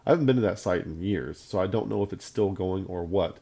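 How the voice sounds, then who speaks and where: Mellow low-voiced Bible teacher. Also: male voice, fairly quick, gravelly, slightly rough. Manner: emphatic, conversational, repeats points for stress. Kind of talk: video Bible lesson.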